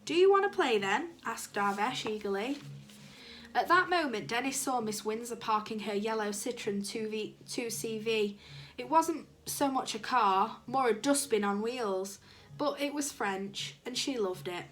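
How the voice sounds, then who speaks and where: A woman's voice: fairly high pitch, unhurried. Woman reading a children's story. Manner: animated, expressive. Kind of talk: children's book read-aloud.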